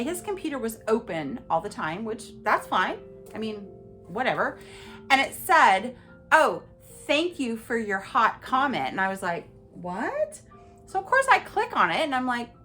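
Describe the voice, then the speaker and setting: Animated woman with a lively, high voice. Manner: animated, emphatic, talks straight to listeners. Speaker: podcast host. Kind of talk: personal storytelling monologue.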